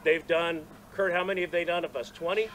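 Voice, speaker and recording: Man, fairly high voice, chatty outdoor dedication speaker, self-deprecating, faint outdoor noise behind. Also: fairly even intonation, brisk, fairly bright tone, rough recording. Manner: chatty, self-deprecating, frequent restarts and laughs. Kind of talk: outdoor storytelling speech. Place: outdoors at a gathering.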